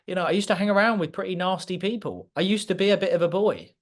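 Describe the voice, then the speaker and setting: A man with a slightly raised pitch delivers a motivational talk to a live audience. He speaks clearly and with authority, direct and emphatic, pressing his points with passion. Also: animated, fast. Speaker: guest speaker.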